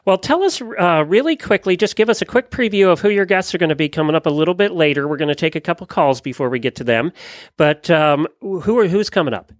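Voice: mid-range voice, lively intonation, fast, dry recording, studio quality. A chatty radio host who laughs easily, interviews a guest and takes callers. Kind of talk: talk radio hosting.

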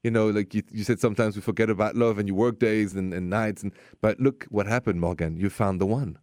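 A man hosting a radio advice show, speaking in an upbeat, emphatic and animated way. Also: fairly low pitch, brisk, dry recording, studio quality.

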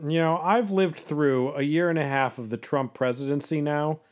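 A man's voice: on the high side, a little slow, dull audio. Grumbling man co-hosting a movie podcast. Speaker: podcast co-host. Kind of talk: casual chat.

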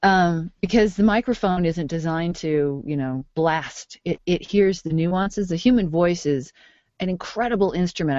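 A woman speaking as a guest in a casual interview, chatty and playful, telling stories with lively energy. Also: lowish voice, no echo, highs cut off. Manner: chatty, playful, animated storyteller. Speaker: interview guest, voice-over artist and photographer.

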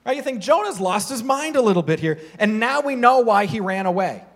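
A pastor giving a casual, conversational sermon, firing off rhetorical questions to the congregation. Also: male voice, sits high, sing-song, a little fast, fairly bright tone.

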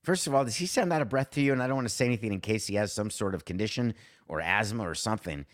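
A man's voice: fairly low pitch, very fast. A man hosting a sports podcast, ranting with sarcasm and indignant rhetorical questions. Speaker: podcast host. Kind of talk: sports talk monologue.

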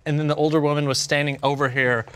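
A man's voice: on the high side, little pitch movement, fast, a bit bright, clean tone. A young man casually telling a story on a podcast, rambling and full of restarts. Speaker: podcast co-host.

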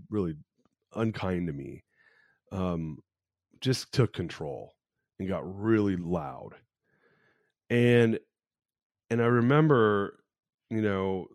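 Deep-voiced man telling a personal story. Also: darkish tone, dry recording, clean studio sound. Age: 40s. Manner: candid, rambling, with frequent restarts and fillers. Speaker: podcast host.

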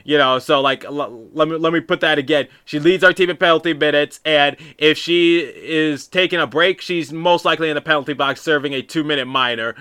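Bright-voiced, rambling male podcast host. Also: fairly high pitch, clear, resonant tone. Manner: rambling, with many restarts and asides. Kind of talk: casual storytelling monologue.

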